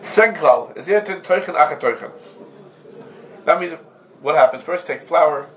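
A man's voice: on the high side, expressive, unhurried, poor audio. A man teaching a religious law class to students, laying out cases through rhetorical questions and Hebrew terms mixed into English. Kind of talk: Talmudic law lesson.

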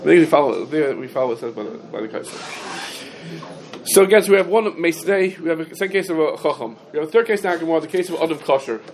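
Teacher lecturing in a sing-song cadence. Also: male voice, fairly high pitch, expressive, fast talker. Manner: sing-song learning cadence, stops to field students' questions. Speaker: Talmud teacher giving a class. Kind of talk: yeshiva-style halacha lecture.

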